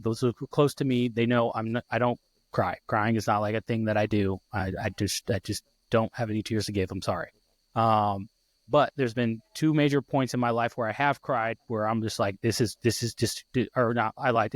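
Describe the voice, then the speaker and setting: A man's voice: mid-range voice, no room sound. Heartfelt man telling a story. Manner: heartfelt, halting with many restarts. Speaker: podcast host. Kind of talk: emotional personal story.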